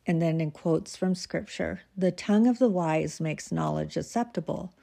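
Woman, low voice, warm mellow tone, casual devotional reading. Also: moderate pace, gravelly. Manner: reads scripture aloud, then chats loosely and laughs at herself. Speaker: devotional reader.

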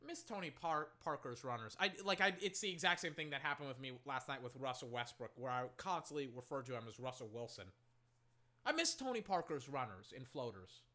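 An amateur play-by-play commentator talks casually into his own microphone while following the game. He has a mid-range voice, gets excited fast, and doesn't hesitate to rant and curse at players and referees.

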